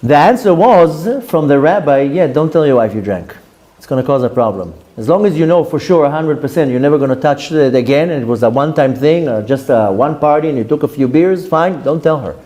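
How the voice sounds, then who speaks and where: A man, a rabbi giving a Torah class and telling stories with lively, acted-out quotes. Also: brisk. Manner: lively storytelling, voices quoted speakers with big pitch jumps.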